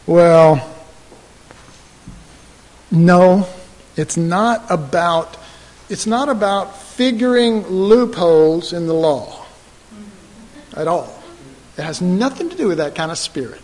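High-voiced preacher in a reverberant hall. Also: male voice, slow, pauses often. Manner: animated storytelling, acts out quoted voices. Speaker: pastor. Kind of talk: sermon.

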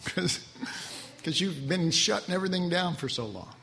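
A man's voice: sits high, expressive, slow, gravelly, pushed and bright. A man preaching a sermon, emphatic and repetitive, with laughing asides to his congregation. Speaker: pastor. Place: church sanctuary. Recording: long hall reverb, faint room noise.

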